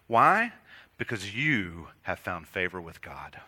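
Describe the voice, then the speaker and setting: A man preaching a sermon to his congregation, earnest and direct, building to emphatic peaks and dropping to quiet lines. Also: low-pitched, big pitch swings, slow pace. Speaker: pastor.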